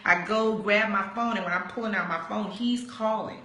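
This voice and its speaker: A woman's voice: medium pitch, moderate pace. A woman in her forties, a pastor, telling her personal testimony in conversation and acting out the dialogue as she goes. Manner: animated storyteller acting out quoted dialogue. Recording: roomy echo.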